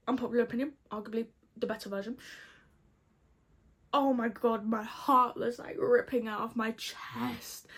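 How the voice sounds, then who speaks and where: A woman's voice: a little high, husky. A young woman recapping a TV episode to camera in a gushing, dramatic, chatty way. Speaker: vlogger.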